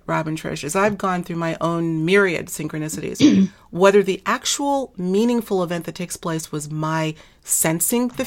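A woman hosting an interview, chatty and quick to laugh, losing her voice and clearing her throat. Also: lowish voice. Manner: chatty, laughs often, many fillers. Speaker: podcast host. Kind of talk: casual interview chat.

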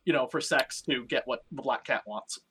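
Bright-voiced man hosting a podcast. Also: mid-range voice, normal speed, a little hiss or hum. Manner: rambling, storytelling with acted-out quotes. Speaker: podcast host. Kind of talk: casual comic book podcast chat.

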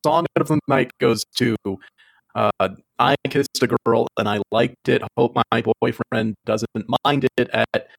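Male podcast co-host, deadpan mock-serious delivery, mid-range pitch. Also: unhurried, vocal fry. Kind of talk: casual comedic chat.

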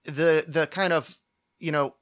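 A man's voice: a little high, steady tone, measured pace, a bit bright. A young man hosting a podcast alone, ranting with lots of swearing, restarts and stammers. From United States. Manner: profane, ranting, stammering restarts, mocking put-on voices. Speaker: podcast host. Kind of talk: solo casual rant.

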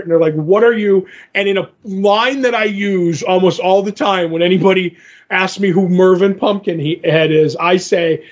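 Podcast co-host, male, rambling casual recap, voice on the higher side, dull lo-fi recording. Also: steady tone, moderate pace. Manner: rambling, acts out characters' lines in passing. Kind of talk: casual comic book recap.

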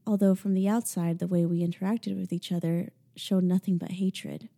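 A young adult woman narrating a first-person audiobook in a hushed, intimate way with sarcastic asides. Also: fairly low pitch, steady tone, moderate pace, gravelly.

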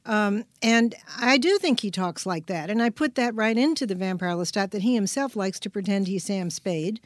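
A woman's voice: mid-range voice, lively intonation, normal speed, dry recording, studio quality. An older woman guest talking about her writing on a podcast, reflective and rambling, often restarting her sentences. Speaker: guest author. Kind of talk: podcast interview.

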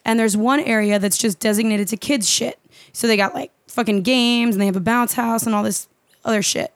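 A young woman co-hosting a podcast, telling a story in an animated, profane, casual way with lots of fillers. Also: fairly high pitch, fairly quick, no echo. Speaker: podcast co-host.

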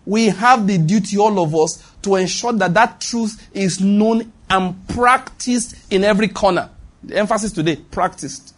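A man's voice: high-pitched, unhurried. A Nigerian man preaching a sermon with a Nigerian accent, emphatic and repetitive, calling on the congregation to respond. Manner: emphatic, repeats lines for stress, calls on the congregation.

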